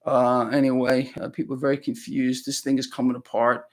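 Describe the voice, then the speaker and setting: A man's voice: mid-range voice, little pitch movement, brisk. A man hosting live financial commentary, ranting bluntly at his viewers and calling them "people," with lots of repeated words and restarts. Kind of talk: live solo market commentary.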